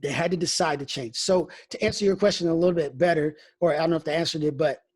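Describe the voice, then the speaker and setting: Husky, high-pitched man pastor. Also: fast, a little mellow. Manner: frank, storytelling, often restarts phrases. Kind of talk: candid conversational interview.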